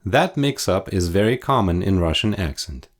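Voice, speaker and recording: A man speaking as a dialect coach, giving a measured, explanatory scripted instructional voice-over. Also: low-pitched, animated, heavy background noise.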